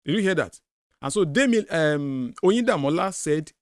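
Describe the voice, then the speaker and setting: A man's voice: sits high, expressive, normal speed, dry recording, studio quality. A man hosting a commentary on a debate clip, emphatic and repeating his points to drive them home. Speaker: host of a commentary video.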